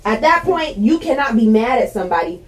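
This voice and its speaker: A woman arguing her point in a casual group debate, halting and restarting often. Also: a little high, very animated, very noisy. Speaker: discussion participant.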